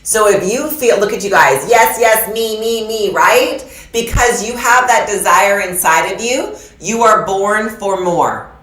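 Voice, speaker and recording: A woman's voice: mid-range voice, expressive, a little slow, hardly any pauses, a bit bright, roomy sound, poor audio. A middle-aged woman coach giving a live online masterclass in an emphatic, preacher-like style, talking straight to her audience. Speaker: business coach. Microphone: video call.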